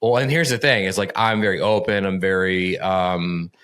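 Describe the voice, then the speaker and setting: A man's voice: low-pitched, fairly even intonation, moderate pace, fairly bright tone, smooth. A man hosting a podcast, talking loosely and profanely and laughing often in casual conversation. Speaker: podcast host.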